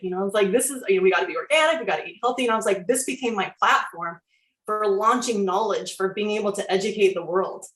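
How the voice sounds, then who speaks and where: A woman in her forties telling her own life story as a wellness coach, animated and acting out her past reactions. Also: mid-range voice. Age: 40s. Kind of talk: personal testimony talk. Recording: echoey room.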